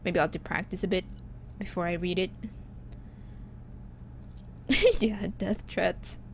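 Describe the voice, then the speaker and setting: A woman's voice: fairly low pitch, slow, creaky, a little hiss or hum. A woman streaming a video game, chatting casually with a giggly, self-mocking manner. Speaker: gaming streamer. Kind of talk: casual let's-play commentary.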